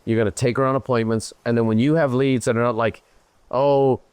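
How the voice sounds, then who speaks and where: A middle-aged Irish man hosting a show, coaching a guest in an animated, emphatic way. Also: medium pitch, fast, clear, resonant tone, no room sound. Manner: animated, emphatic, slips into playful voices for others. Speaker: host and business coach. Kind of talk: live coaching Q&A.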